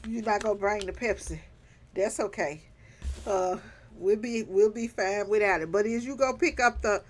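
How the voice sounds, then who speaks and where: Over a faint hiss or hum, a medium-pitched woman chats casually on her stream. She teases her viewers playfully, uses Southern slang, and laughs hard and often.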